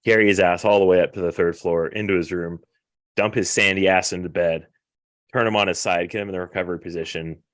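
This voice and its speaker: A very deep-voiced young man spins a rambling story packed with swearing, talking casually like a podcast host. The sound is dry and close, with no room around it. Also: quick pace, dry recording. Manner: profane, rambling, animated retelling.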